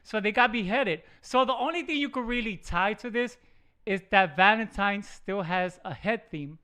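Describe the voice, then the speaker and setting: A man's voice: high-pitched, expressive, normal speed, pushed and bright, clear, resonant tone. A man hosting a podcast in casual chat, joking and stumbling over words as he reads aloud. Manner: jokey, stumbles over words while reading. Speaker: podcast host.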